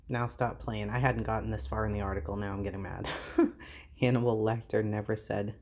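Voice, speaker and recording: Incredulous woman vlogger, mellow voice. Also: very deep voice. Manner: incredulous, exasperated, animated reactions. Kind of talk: casual vlog, reading and reacting.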